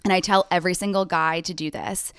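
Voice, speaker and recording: A woman's voice: on the low side, fairly even intonation, fast, a bit bright, clean tone, no room sound, clean studio sound. A young adult woman hosting a podcast, telling a personal story in an effusive, chatty way with frequent "like" asides. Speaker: podcast host. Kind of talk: casual podcast conversation.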